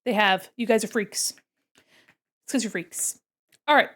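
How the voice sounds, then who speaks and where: A young adult woman chatting casually on her art livestream, excitable and gushing, giggling often. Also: mid-range voice, measured pace. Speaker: art streamer.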